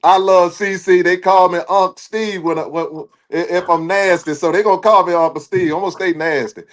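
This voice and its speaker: A man with a high voice talks sports in a loose, animated way. He preaches and jokes as he makes his points, like a co-host riffing on a casual talk show. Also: brisk.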